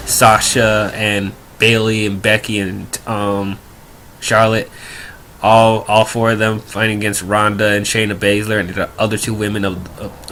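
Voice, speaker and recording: A young wrestling reviewer goes on a rambling, exasperated review rant, full of fillers and restarts, in a casual way. His voice is lowish with a sharp tone.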